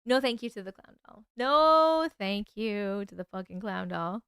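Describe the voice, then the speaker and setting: A woman's voice: medium pitch, lively intonation, a little slow, a bit bright, smooth, no echo, studio quality. A woman hosting a late-night livestream, chatting sleepily with her viewers, swearing and yawning as she reacts to their stories. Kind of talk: casual livestream chat.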